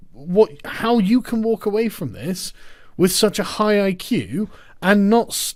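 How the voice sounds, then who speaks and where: A man's voice: high voice, a little mellow, no room sound, clean studio sound. A man delivering a sarcastic, scornful reaction commentary.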